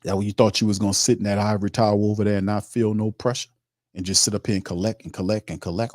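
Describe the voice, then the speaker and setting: A man's voice: on the low side, flat delivery, quick pace, no echo, studio quality. A man hosting a sports talk stream, reading chat comments and ranting emphatically in informal, streetwise speech. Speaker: sports show host.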